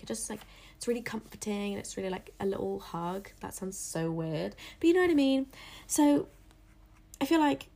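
A woman's voice: mid-range voice, darkish tone. A young woman, chatting casually to camera in a rambling, self-deprecating way, often dropping into whispered asides. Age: young adult. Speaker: vlogger.

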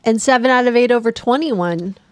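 A woman's voice: fairly high pitch, fairly quick, a little mellow. A middle-aged woman co-hosting a podcast in casual chat, answering with short, agreeable replies. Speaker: podcast co-host.

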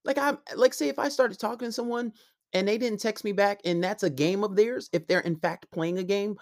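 A man's voice: sits high, brisk. A male podcast host giving casual advice to listeners in a rambling, self-correcting way.

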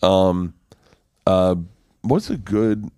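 A man who is a comedian, chatting casually, profane and animated, often jumping into voices. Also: deep voice, very slow, clean tone, no room sound, studio quality. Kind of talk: casual podcast chat.

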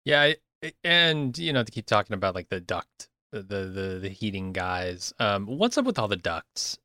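Bright, hesitant questioning man. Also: on the low side, sing-song, moderate pace, no echo, studio quality. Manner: questioning and hesitant, stumbling over his words. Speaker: podcast co-host discussing a film. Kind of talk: casual chat.

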